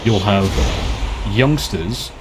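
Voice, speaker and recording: A man's voice: fairly low pitch, animated, very slow, noisy background. A British man streaming a game, ranting and swearing freely in casual chat. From Britain. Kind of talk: casual live-stream chat while gaming.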